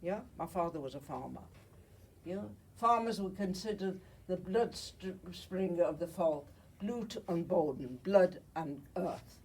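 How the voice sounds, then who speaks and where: A woman's voice: on the low side, takes it slowly, darkish tone, breathy edge, far from the mic, rough recording. A woman in her eighties from Germany, a Holocaust survivor giving a slide talk to an audience, chatty and often checking in with her listeners, while nursing a cold. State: has a cold.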